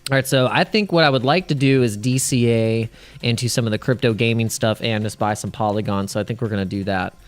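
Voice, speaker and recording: A man hosting a casual crypto livestream, rambling, restarting his sentences and laughing at his own jokes. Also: on the low side.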